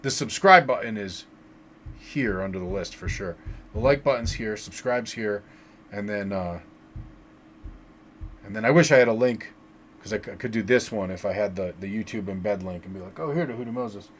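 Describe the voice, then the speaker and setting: A man hosting a casual livestream tarot reading, reading viewers' names from the chat and giving relaxed advice, with many fillers and repeated words. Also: fairly low pitch, normal speed, pauses often, a little hiss or hum.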